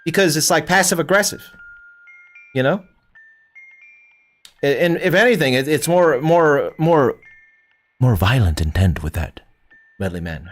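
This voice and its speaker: A man's voice: fairly high pitch, expressive, measured pace, long pauses. Young male streamer from Canada, swears freely, answers chat, voice swings up and down, faint music under him. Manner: profane, rambling, talks back to chat. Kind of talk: casual livestream chat with viewers.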